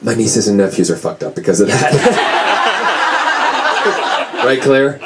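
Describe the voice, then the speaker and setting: A man with an American accent, an author answering audience questions at a book signing with joking, animated storytelling. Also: fairly low pitch, measured pace, heavy background noise. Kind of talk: casual audience Q&A. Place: indoor book-signing event with a crowd. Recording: crowd chatter behind.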